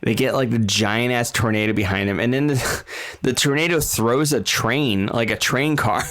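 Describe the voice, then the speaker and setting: A man's voice: mid-range voice, normal speed, fairly bright tone. A man co-hosting a podcast, recapping a movie in casual, rambling, profane chat and laughing often. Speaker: podcast co-host.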